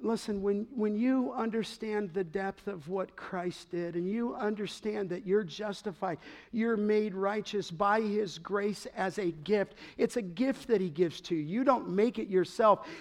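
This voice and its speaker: A middle-aged man preaching a sermon as pastor, emphatic, pausing to ask the congregation to fill in words. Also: sits high.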